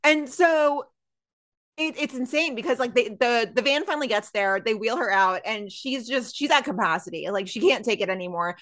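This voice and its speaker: A woman's voice: on the high side, normal speed. A woman co-hosting a podcast, chatting casually and recapping a TV episode, quoting characters' lines as she goes. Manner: chatty, lively, retells scenes with quoted lines. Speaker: podcast co-host.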